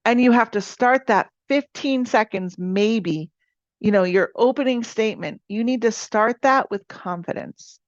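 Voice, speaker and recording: A woman's voice: on the high side, unhurried, no echo. A woman leading an insurance sales team meeting, coaching her agents with energy and often asking "right?". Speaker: insurance agency team leader. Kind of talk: motivational sales coaching talk. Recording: dull, dry sound.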